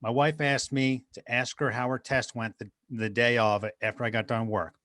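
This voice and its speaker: A man's voice: medium pitch, steady tone, normal speed, a bit bright, dry recording. A middle-aged man, a guest motivational speaker, telling personal stories in an earnest, conversational interview style. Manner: earnest, anecdotal, addresses host by name.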